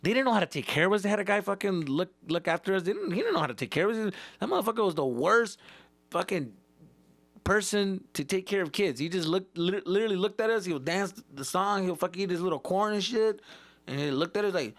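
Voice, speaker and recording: Profane, animated male comedian podcast host. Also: high voice, fast talker, no echo. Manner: animated, swears constantly, mixes in Spanish. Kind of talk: casual profane storytelling.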